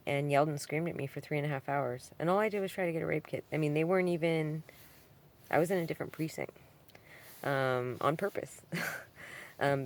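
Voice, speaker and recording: A woman talking in a casual, rambling vlog monologue at home, full of ums and likes, swinging from subdued to heated. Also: deep voice. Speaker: vlogger answering a comment. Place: at home with her cat.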